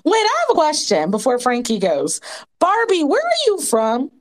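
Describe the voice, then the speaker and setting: A woman chatting casually in an audio room, animated and indignant, quick to laugh. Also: sits high. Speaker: guest speaker in audio room. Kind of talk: casual chat.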